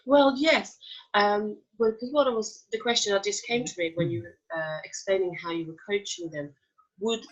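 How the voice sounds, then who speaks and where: A woman's voice: mid-range voice, moderate pace. A woman hosting an interview who asks long, searching questions, hesitating and restarting often. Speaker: host and spiritual practitioner. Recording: dull lo-fi sound.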